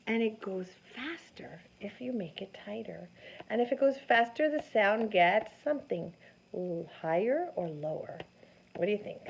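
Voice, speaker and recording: A woman teaching a science lesson to children, animated and sing-song, often asking them questions. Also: medium pitch, gravelly. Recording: dull lo-fi sound with faint noise.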